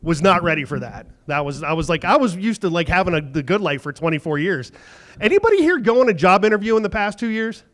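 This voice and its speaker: A man's voice: high voice, animated, quick pace, fairly bright tone. A man in his fifties doing a stand-up set in a comedy club, telling stories conversationally, acting out the other people in them, and swearing freely. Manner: conversational storytelling, acts out quoted dialogue, swears.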